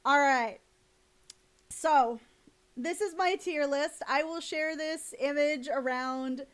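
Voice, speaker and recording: Woman, high voice, excitable, giggly, casual stream chat. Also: slow. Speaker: streamer hosting a tier list.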